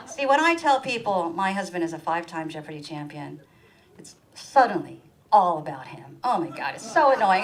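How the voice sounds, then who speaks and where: A middle-aged woman delivers a stand-up comedy set in a small performance room. She is animated and storytelling, her pitch leaping up sharply whenever she acts out someone else's words. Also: brisk, a crowd in the background, rough recording. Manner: animated, acts out quoted voices with big pitch jumps.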